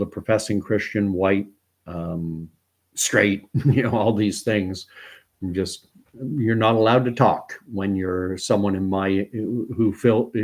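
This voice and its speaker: Rambling fifty-something man hosting a stream. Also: fairly low pitch. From Canada. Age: 50s. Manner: rambling, with frequent fillers and chuckles. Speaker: live-stream host. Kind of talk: casual live-stream commentary.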